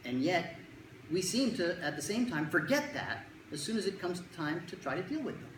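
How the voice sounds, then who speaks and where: Speaking at medium pitch and normal speed, this very animated presenter lectures parents about child anxiety. It's a jokey, conversational talk where quotes get acted out. The audience sits in a lecture room, and the audio carries roomy echo with a faint background of room noise.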